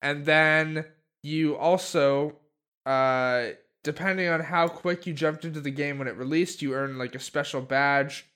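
Podcast co-host, male, slightly high and smooth voice, rambling casual chat full of fillers. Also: a little slow, fairly bright tone.

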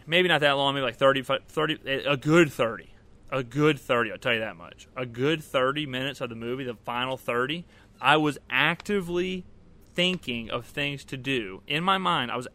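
A man with a bright, forceful voice rambles through a personal story, speaking to his viewers as if to friends. He talks casually and animatedly, stumbling over restarts as he goes. His pitch sits in a middling range for a man. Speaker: vlogger.

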